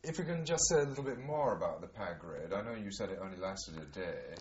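A man interviewing a veteran for an oral history, asking brief, gently prompting questions. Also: deep voice, expressive, fast talker, roomy sound, far from the mic. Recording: dull lo-fi tape with faint hiss.

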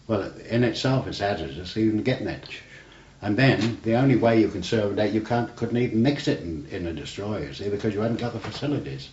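Older man with a very deep voice. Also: brisk, darkish tone. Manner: rambling, anecdotal, frequent "you see". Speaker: navy veteran interviewee. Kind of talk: oral history interview. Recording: roomy, dull archival tape with faint hiss.

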